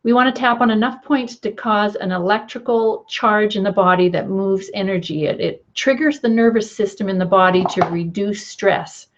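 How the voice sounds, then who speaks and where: A middle-aged woman leads a tapping lesson at a steady middle pitch. She is gentle and encouraging and keeps checking in with the listener. The recording is slightly dull and lo-fi. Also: moderate pace, hardly any pauses. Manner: gentle, encouraging, repeats "okay". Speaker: tapping coach.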